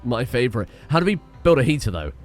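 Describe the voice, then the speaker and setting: Excitable man streaming a game. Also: mid-range voice, quick pace, faint music behind. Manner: chatty, excitable, swears often. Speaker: gaming streamer. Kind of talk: casual gameplay commentary.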